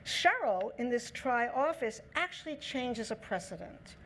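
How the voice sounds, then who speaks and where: A woman giving a lecture on negotiation, lively, acting out the quoted lines in her own voice. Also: a little high, a little slow, a little hiss or hum. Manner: lively, acts out quoted dialogue in her talk. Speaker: speaker on negotiation. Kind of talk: lecture talk.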